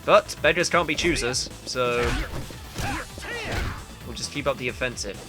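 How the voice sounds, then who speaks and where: A man's voice: medium pitch, unhurried, music in the background. A man giving rambling, chatty commentary while playing a video game, now and then exclaiming at it. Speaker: gamer playing through a game. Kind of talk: let's play commentary.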